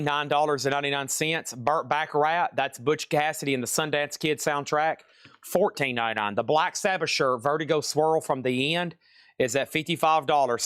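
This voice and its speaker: A man's voice: a little high, clean tone, no echo, clean studio sound. Man calling a live record sale. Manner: rapid auction patter, calling prices and bidders; drops to a soft soothing murmur to calm his dog. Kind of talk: live online sales stream.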